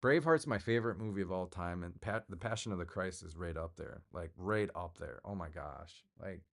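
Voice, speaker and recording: A man's voice: deep voice, brisk, creaky. A middle-aged man hosting his own livestream, chatting casually in a rambling, jokey way and answering viewers. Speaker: livestream host.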